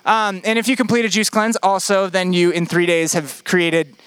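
Young guy pastor giving a sermon, kinda high voice, chatty storytelling, repeats stuff for punch, dry close sound. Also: little pitch movement, normal speed, a bit bright, smooth, no room sound. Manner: conversational storytelling with emphatic repetition.

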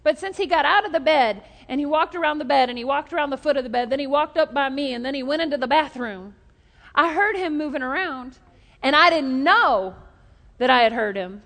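A woman's voice: high-pitched, lively intonation, a little fast, a bit bright, long reverb tail. A woman pastor preaching a sermon, telling jokes and stories and leading the congregation in call-and-response.

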